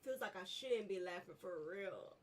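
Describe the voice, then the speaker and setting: A woman's voice: medium pitch, normal speed, a little hiss or hum. Chatty woman narrating her gameplay. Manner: chatty, talks to herself and viewers. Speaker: gaming vlogger. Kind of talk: casual gameplay commentary. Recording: voice a little distant from the mic.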